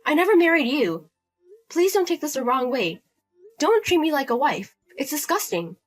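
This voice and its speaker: A woman's voice: sits high, very animated, moderate pace, soft background music. A woman voicing a fed-up young wife who answers bluntly and sharply. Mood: firm. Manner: sharp, blunt, repeating herself. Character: fed-up young wife standing her ground.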